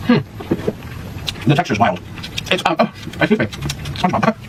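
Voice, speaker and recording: A man vlogging as he tastes food, chatting casually in an animated, dramatic, jokey way. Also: fairly high pitch, racing. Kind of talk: casual food tasting chat. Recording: distant mic with clear background noise.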